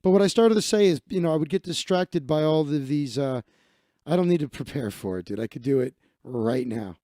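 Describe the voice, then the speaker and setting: A man's voice: on the high side, fairly quick, dark tone, no echo, clean studio sound. A man hosting a live stream, telling a casual story with lots of restarts and swearing. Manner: rambling, profane, many restarts and fillers. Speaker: live-stream host, magician.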